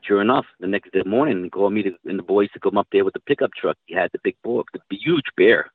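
A man's voice: fairly low pitch, quick pace, slightly rough, no room sound. A middle-aged man telling rambling hunting stories in casual talk, swearing now and then. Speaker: guest hunter telling stories. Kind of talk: casual storytelling. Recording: tinny phone-line audio.

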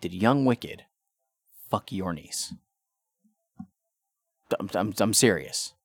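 A man's voice: low voice, lively intonation, slow pace, creaky, slightly rough, dry recording, faint music behind. A man hosting a podcast, ranting casually and profanely with frequent stammered restarts. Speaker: podcast host.

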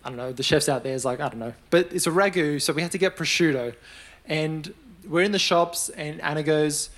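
A man's voice: on the high side, brisk. A young adult man preaching a sermon in a conversational style, acting out the voices of the people he quotes. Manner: conversational, animated storytelling with acted-out quotes.

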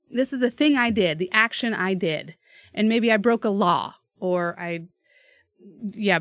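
A woman's voice: fairly high pitch, fairly bright tone, no room sound, clean studio sound. Woman thinking aloud with questions. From United States. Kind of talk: casual discussion.

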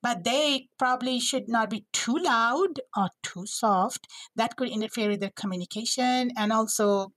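A woman's voice: a little high, normal speed, few pauses, fairly bright tone, dry recording, low-quality recording. A woman speech-language pathologist explaining vocal health as a podcast guest, with frequent restarts and fillers. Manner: demonstrates voice qualities, laughs often.

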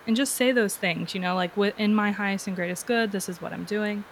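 A woman's voice: medium pitch, steady tone, fairly quick, few pauses. Woman, guest, casual chat, filler-heavy, faint hiss. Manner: chatty, lots of "like" fillers, laughs often. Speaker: energy healer guest. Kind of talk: casual conversational interview.

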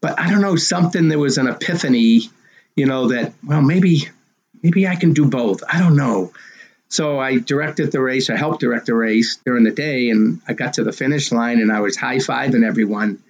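A man in his sixties, a race director telling his story in an interview in an animated way and acting out the dialogue. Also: mid-range voice, moderate pace, lo-fi sound.

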